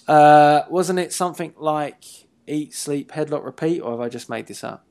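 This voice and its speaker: A man's voice: a little high, normal speed, darkish tone. A man hosting a wrestling talk show in casual chat, playful and teasing, often laughing and trailing off mid-sentence.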